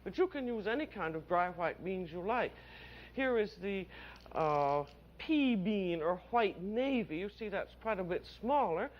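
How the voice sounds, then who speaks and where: A woman's voice: medium pitch, lively intonation, measured pace. An older woman hosting a cooking demonstration on an old television show, with a warbling, sing-song delivery. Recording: dull lo-fi old television audio.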